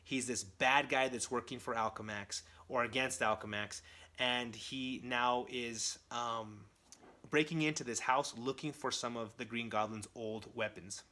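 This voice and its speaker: A man's voice: medium pitch, fairly even intonation, measured pace, pushed and bright. A man casually reviewing a comic book, enthusiastic and rambling with lots of fillers.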